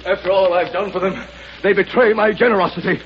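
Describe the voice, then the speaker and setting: A man's voice: sits high, steady tone, brisk, highs cut off, close to an everyday voice. An actor playing a domineering, pompous madman who rules a valley, in 1940s radio acting. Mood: bitter. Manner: pompous, ranting, self-righteous. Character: domineering mad male valley ruler. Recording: scratchy old radio broadcast with hiss.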